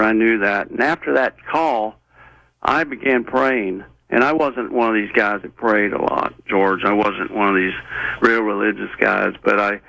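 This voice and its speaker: A man as an interview guest, telling a personal story in an earnest, rambling way with many halting restarts. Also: mid-range voice, vocal fry, pushed and bright, dry recording, low-quality recording.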